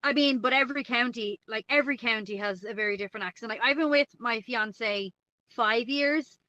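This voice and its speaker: A chatty woman with a North Dublin Irish accent, her voice bright and a little high, scattering "like" through every sentence. The sound is dry and slightly dull. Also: a little fast, dry recording. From Ireland. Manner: chatty, many "like"s, laughs often. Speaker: guest co-host. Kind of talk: casual podcast chat.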